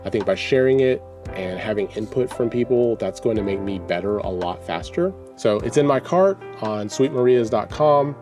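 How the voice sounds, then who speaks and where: A man's voice: on the low side, lively intonation, moderate pace, music in the background. A man from Texas talking casually in a vlog, easygoing and self-deprecating, reading product notes aloud as he shops. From Texas, USA. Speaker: home coffee roaster vlogger.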